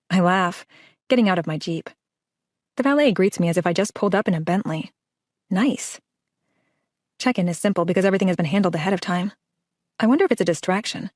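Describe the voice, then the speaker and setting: A woman's voice: on the low side, fast, pauses often, dry recording, studio quality. A woman reading a first-person audiobook, with a wry, conversational delivery. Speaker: audiobook narrator.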